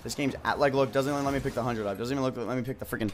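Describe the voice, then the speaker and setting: A young man streaming a game, frustrated and ranting, with lots of swearing, dropping from low mutters to loud yells. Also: steady tone, racing, heavy background noise.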